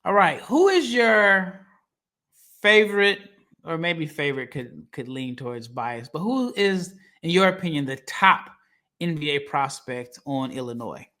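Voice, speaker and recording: A man's voice: a little high, lively intonation, unhurried, pushed and bright. A man co-hosting a basketball draft podcast, talking casually and animatedly, laughing often and acting out quotes from others. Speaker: podcast co-host, draft analyst. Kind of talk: casual sports podcast talk.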